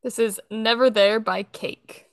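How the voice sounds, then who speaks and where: A young woman co-hosting a podcast, telling stories in a casual, giggly, animated way. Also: fairly high pitch, unhurried, soft background music. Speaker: podcast co-host. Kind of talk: casual chat.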